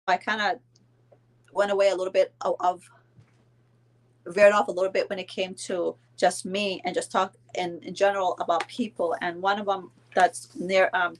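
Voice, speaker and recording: A woman in her forties from Belize, talking casually and rambling with lots of fillers on a live stream. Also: medium pitch. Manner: chatty, rambling, many fillers and restarts. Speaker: vlogger.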